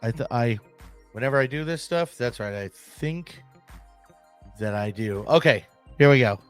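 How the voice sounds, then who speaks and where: A man hosting a casual solo podcast, rambling and excitable, with crude military-maintainer humor. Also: medium pitch, unhurried, soft background music. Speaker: podcast host.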